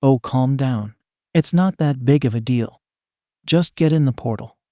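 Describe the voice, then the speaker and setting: A man's voice: medium pitch, unhurried, dark tone, no room sound, clean studio sound, close to an everyday voice. A man reading a curt, unbothered male bartender villain.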